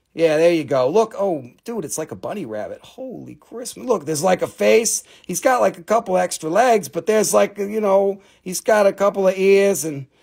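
A man's voice: sits high, gravelly, a little mellow. A man selling minerals on a live stream, rambling, profane and self-mocking. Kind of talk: joking live sales banter.

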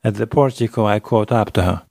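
A man narrating a classic novel in the first person, measured and literary, on a close studio mic. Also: on the low side, vocal fry, a little mellow, no room sound. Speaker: audiobook narrator.

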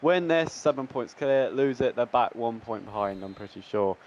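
A young man commentating on his own football video game match, groaning at misses and yelling at goals, his voice cracking when excited. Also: mid-range voice, normal speed, highs cut off, a little hiss or hum. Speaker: gaming YouTuber. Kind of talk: excitable live gameplay commentary.

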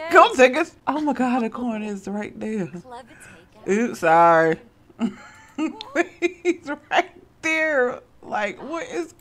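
A woman's voice: medium pitch, slight background noise. A woman commentating her own gameplay in a casual way, scolding the game characters and often breaking into laughter. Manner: bossy, scolding, with slang. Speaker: Sims gameplay vlogger.

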